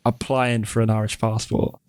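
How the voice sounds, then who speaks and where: A man's voice: lowish voice, level tone, normal speed, a little mellow, clean tone, no room sound, clean studio sound. Teasing male podcast co-host. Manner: teasing, rambling with restarts. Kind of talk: casual chat.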